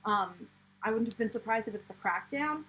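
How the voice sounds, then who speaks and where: Hosting a casual live chat for her planner channel, an American woman reads viewer comments aloud and rambles, full of fillers and restarts. Her slightly high voice has lively intonation and a bright, slightly rough tone, and she talks briskly. The audio quality is poor.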